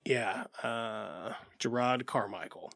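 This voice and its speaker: A man's voice: medium pitch, slow pace, vocal fry, fairly bright tone, no room sound. A man co-hosting a podcast about movies, in a casual, blunt chat full of swearing, who sometimes acts out the characters. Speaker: podcast co-host.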